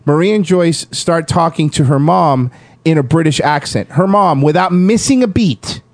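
A man's voice: fairly high pitch, normal speed, no room sound. A man co-hosting a podcast, telling a funny story casually, swearing and laughing as he goes. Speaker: podcast co-host.

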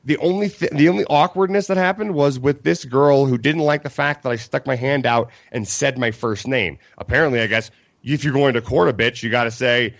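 A man's voice: medium pitch, a little fast, dry recording. A young man from Colorado, co-hosting a podcast and telling a rambling, profane story as he acts out what everyone said. The sound is dry and a little dull, like a lo-fi podcast mic in a small room. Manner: animated, profane storytelling with acted-out quotes. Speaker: podcast co-host. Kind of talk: casual storytelling chat.

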